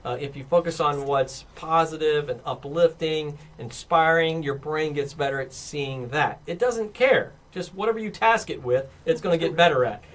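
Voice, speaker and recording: High, bright-voiced man hosting. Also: moderate pace, few pauses. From Texas. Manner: rambling, many restarts and fillers. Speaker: stand-in host. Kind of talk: casual chat. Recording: music playing in background.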